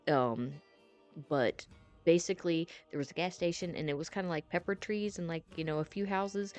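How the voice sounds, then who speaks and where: Low-voiced woman rambling through a story. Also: moderate pace, a little mellow. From North Carolina. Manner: rambling, many fillers and restarts, swearing. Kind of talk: casual storytime narration. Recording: faint music behind.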